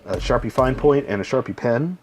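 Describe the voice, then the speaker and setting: A man's voice: mid-range voice, lively intonation, brisk, soft background music. Man talking through a drawing tutorial. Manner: rambling, narrates each stroke with many fillers. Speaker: drawing instructor. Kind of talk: casual step-by-step drawing tutorial.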